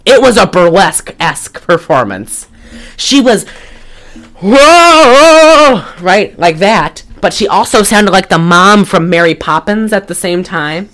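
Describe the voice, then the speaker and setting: Podcast co-host, woman, low and very animated, blunt rambling rants. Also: normal speed. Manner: exasperated, blunt, rambling with restarts. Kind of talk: casual chat.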